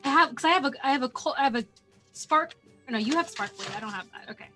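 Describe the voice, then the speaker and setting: A woman's voice: sits high, expressive, fast talker, sharp tone, faint music behind. A woman playing in a tabletop role-playing game, chatty and laughing, often correcting herself mid-sentence. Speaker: player. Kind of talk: casual tabletop game play.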